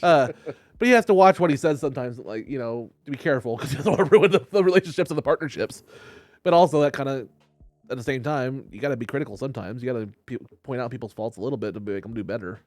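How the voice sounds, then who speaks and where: A man's voice: medium pitch, expressive, fast talker, a little mellow, no room sound. A man hosting a casual podcast chat, swearing freely and laughing often. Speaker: podcast host.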